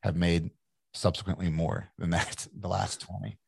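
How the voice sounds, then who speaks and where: A man's voice: sits low, little pitch movement, moderate pace, gravelly, a little hiss or hum. A man in his forties from Kentucky, an entrepreneur telling his story in a candid, rambling interview with many restarts. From Kentucky, USA. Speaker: entrepreneur guest.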